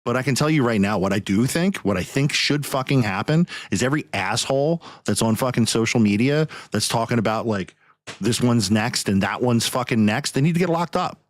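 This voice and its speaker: Angry and cursing heavily, a male podcast host delivers a heated rant in a mid-range voice, talking a little fast. The sound is clean studio audio with no echo.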